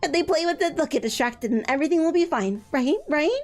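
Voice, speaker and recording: A woman voicing a cheerful, eager young catgirl maid, reading game dialogue aloud in a bright, coaxing singsong. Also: high-pitched, animated, quick pace, soft background music, pitched above the performer's own voice. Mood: chirpy.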